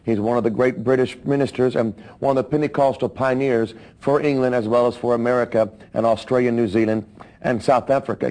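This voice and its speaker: A man speaks at an ordinary pitch, telling a life story in the manner of a sermon. He tells it in a measured way, adding his own comments as he goes. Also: a little mellow, poor audio. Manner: measured storytelling, with asides to listeners. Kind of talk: biographical sermon narration.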